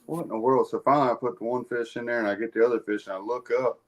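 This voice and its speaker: A man's voice: medium pitch, fairly even intonation, rapid-fire. A man telling a fishing story in a casual chat, plain and folksy in manner. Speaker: guest.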